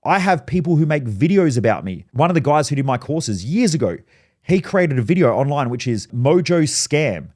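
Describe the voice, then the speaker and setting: Aussie guy ranting about business drama, blunt, swears a lot, gets animated. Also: fairly high pitch, normal speed. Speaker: business coach. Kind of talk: casual monologue, storytelling.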